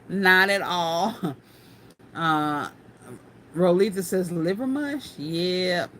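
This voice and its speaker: Lady chatting on her craft stream, kinda low voice, laid back, faint room hum. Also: steady tone, extremely slow, pushed and bright. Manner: chatty, folksy, laughs often. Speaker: craft livestream host. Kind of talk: casual livestream chat reading viewer comments.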